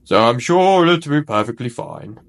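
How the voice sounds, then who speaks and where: A man voicing a jolly old male rabbit in a storybook read-aloud, with a hearty, exclaiming, drawn-out delivery. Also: medium pitch, expressive, lightly acted.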